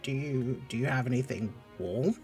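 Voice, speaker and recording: A man's voice: mid-range voice, expressive, moderate pace, a little mellow, soft background music, lightly acted. A man voicing a tiny, damp, frog-like male creature who is timid and polite and stammers a lot. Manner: hesitant, stammering.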